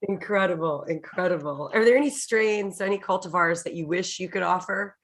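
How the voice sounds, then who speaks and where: A woman's voice: lowish voice, brisk. A woman hosting a casual interview, talking enthusiastically with plenty of fillers. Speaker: host.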